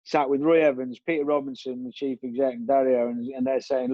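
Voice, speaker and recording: A man's voice: mid-range voice, level tone, a little fast, few pauses, dry recording, lo-fi sound. A man, a guest telling long stories in a rambling way, with many restarts and fillers. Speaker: interview guest, former footballer. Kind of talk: relaxed storytelling.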